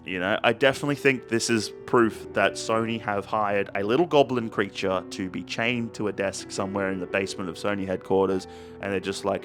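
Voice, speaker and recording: A man's voice: on the low side, steady tone, fairly quick, fairly bright tone, soft background music. A young man hosting a casual comedic movie review, rambling and profane, with jokey asides and restarts.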